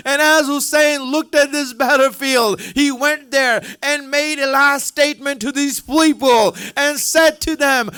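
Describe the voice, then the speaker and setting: A man delivering an emotional sermon as a story, repeating lines and at times shouting or breaking into tears. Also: very high voice. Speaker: speaker at a religious center. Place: religious center hall.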